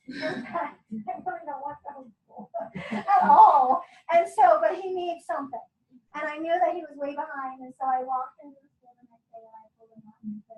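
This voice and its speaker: Chatty woman, high voice, echoey room. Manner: chatty and candid, laughs often, asides to listeners. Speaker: homeschooling parent sharing her story. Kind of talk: casual talk to a group. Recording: echoey room, mic at a distance.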